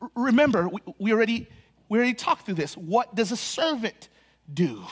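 A man preaching a sermon as a pastor, his voice sitting unusually high for a man. He talks in animated bursts, stumbling over repeated words as he restarts, then slows right down to lean on key phrases. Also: husky.

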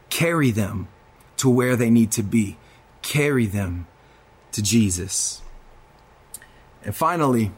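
A man preaching a sermon to viewers online, in a dramatic delivery that swings between loud urgency and a hushed voice. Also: fairly high pitch. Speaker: pastor.

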